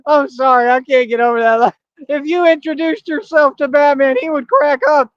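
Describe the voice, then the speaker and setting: High-voiced man, laughing through a stream. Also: unhurried, dry recording, lo-fi sound. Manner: laughs constantly, repeats himself. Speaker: live streamer. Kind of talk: rambling live-stream commentary. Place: walking outdoors.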